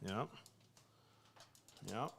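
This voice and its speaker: A man hosting a casual live stream from his home kitchen, upbeat and joking, quick to laugh. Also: fairly bright tone, slight background noise. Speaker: streamer host.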